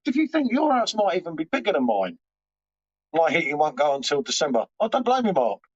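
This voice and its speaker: A man's voice: fairly high pitch, huge pitch swings, fairly quick, slightly rough. A man hosting a live stream from home, rambling and swearing casually as he chats back to viewers' comments. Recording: dull lo-fi stream audio.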